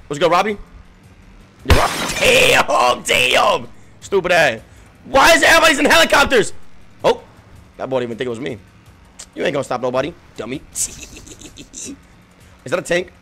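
A man giving frantic, profane gameplay commentary, yelling, laughing and trash-talking while he plays, his voice giving out. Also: high voice. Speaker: gaming streamer.

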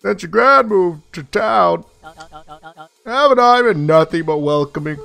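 A man's voice: sits high, expressive, unhurried, vocal fry, sharp tone, faint music behind, pitched above the performer's own voice, exaggerated voice. A man voicing a sly scheming older townsman. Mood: coaxing.

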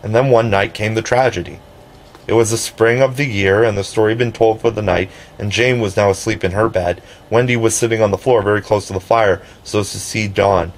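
A man narrating a classic children's story in a measured, gentle reading style. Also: lowish voice, steady tone, poor audio. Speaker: audiobook narrator.

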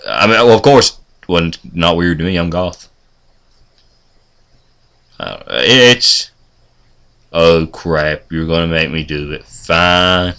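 Rambling joking man, bright voice. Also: low voice, animated, takes it slowly, long pauses, smooth. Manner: rambling, joking, self-deprecating. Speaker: vlogger. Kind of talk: casual chat.

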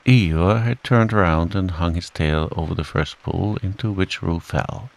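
Calm gravelly male storyteller. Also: low voice, a little slow. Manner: calm, soothing. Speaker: narrator. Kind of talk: calm bedtime story reading.

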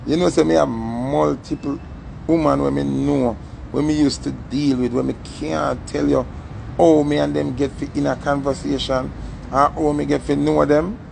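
A young man with a Jamaican accent telling a story in a casual, animated way and acting out the voices in it. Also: a little high, moderate pace, vocal fry, a little hiss or hum. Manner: animated, acts out the story's voices, patois-heavy.

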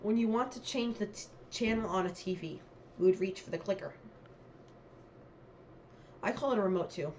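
A young woman vlogger chatting casually, reading quiz questions aloud and thinking out loud about her answers. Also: medium pitch, moderate pace, pauses often, a little hiss or hum.

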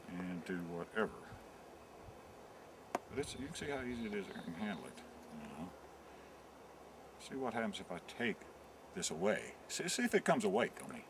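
A man's voice: on the low side, background noise. A man giving a mock-serious nature walk outdoors on a trail, with dry, jokey guide patter. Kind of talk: deadpan comic narration. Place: outdoors on a wooded hiking trail.

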